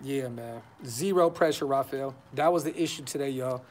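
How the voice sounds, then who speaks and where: His voice is medium-pitched and a touch mellow, delivered at a moderate pace. The man hosts a fan podcast live from his brother's house, chatting casually with frustration, blunt slang, and plenty of repeats.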